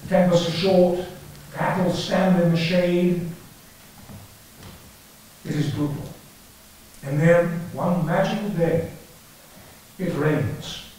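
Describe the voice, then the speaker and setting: An older man delivers a conference lecture, his voice pitched a little high. He tells field stories with dry, wry humour. The sound is distant and very echoey, as if picked up from the back of a large hall. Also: a little mellow. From England. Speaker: archaeology lecturer. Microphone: lectern or headset mic, battery trouble.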